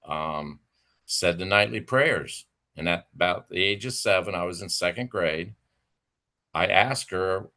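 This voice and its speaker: Pitched low and a little slow, his delivery sounds pushed and bright. The speaker is a livestream host and father who swears his way through a heated, sarcastic tirade against a rival, mocking him as he goes.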